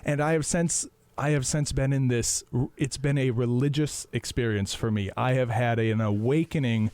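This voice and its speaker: A man's voice: mid-range voice, fairly even intonation, moderate pace, darkish tone, smooth, no room sound. Enthusiastic man, dry close sound. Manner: enthusiastic, rambling with restarts. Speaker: podcast host. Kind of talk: casual chat.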